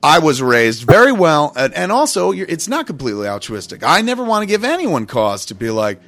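A man's voice: a little high, sing-song, fairly quick, fairly bright tone. A man casually telling a long, rambling, profane story on a podcast, acting out what everyone said. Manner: profane, rambling, acts out quotes.

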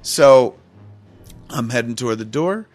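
A man's voice: medium pitch, animated, measured pace, darkish tone, dry recording, soft background music. A man casually telling a long, rambling, profane story on a podcast, acting out what everyone said. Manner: profane, rambling, acts out quotes.

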